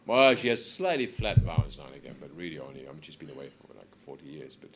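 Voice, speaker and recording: Deep-voiced middle-aged man. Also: very animated, fast talker, crowd noise. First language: German. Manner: rambling, many fillers and restarts. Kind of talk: casual chat.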